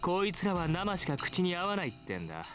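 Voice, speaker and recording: A man's voice: high voice, wildly swooping pitch, racing. An actor playing a cruel, arrogant teenage boy who taunts and looks down on everyone, in a voiced visual novel. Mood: scornful. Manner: taunting, condescending, theatrical. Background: game music.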